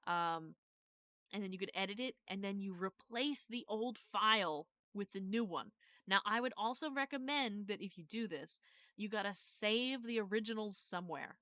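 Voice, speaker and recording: A woman live-streaming, chatting casually as she walks viewers through steps and keeps correcting herself. Her voice is bright and crisp. The sound is close and dry. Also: medium pitch, normal speed, no room sound. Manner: rambling, self-correcting, thanks viewers. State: has hiccups.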